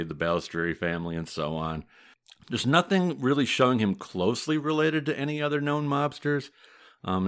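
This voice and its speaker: A man with a Midwestern American accent and a very deep voice hosts a casual podcast. He tells history in a steady, matter-of-fact way, with a touch of dry humor. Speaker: podcast host, mafia historian.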